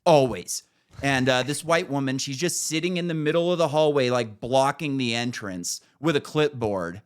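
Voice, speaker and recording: A man's voice: medium pitch, moderate pace. A podcast host who swears freely and rambles through a long story, often restarting his sentences. He is a man with an ordinary, mid-range voice. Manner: profane and rambling, with frequent restarts.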